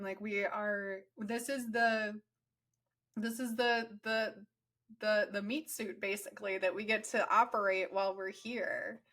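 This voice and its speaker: A woman's voice: a little high, fairly bright tone. A woman hosting an interview, reflecting earnestly on soul and energy in a conversational way. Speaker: podcast host.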